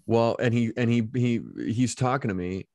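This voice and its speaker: A male podcast host telling a story in casual chat, animated and laughing often, restarting his sentences as he goes. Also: mid-range voice, normal speed, no room sound.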